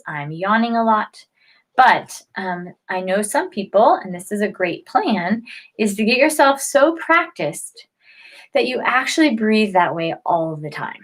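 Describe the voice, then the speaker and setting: Her voice sits at a medium pitch, and the audio quality is poor. She's a health educator chatting casually to the camera about health, tripping over words, starting sentences again and leaning on "um," all while yawning repeatedly.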